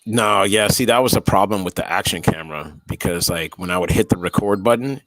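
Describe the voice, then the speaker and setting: Casual host, lowish man's voice, animated storyteller, dry close sound. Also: brisk, dry recording. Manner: animated storyteller, acts out reactions. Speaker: dash cam channel host. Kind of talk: casual chat.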